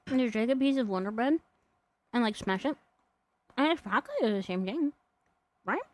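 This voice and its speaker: A woman's voice: fairly high pitch, expressive, normal speed. Giggly woman streamer chatting while snacking. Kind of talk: casual live-stream chat.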